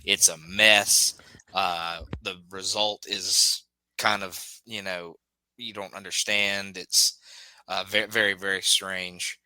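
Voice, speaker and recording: A man co-hosting a podcast, giving blunt opinions in a halting casual chat full of restarts. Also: low voice, level tone, bright, forceful tone, no room sound, poor audio. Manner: hesitant, repeats words, blunt verdicts. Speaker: podcast co-host.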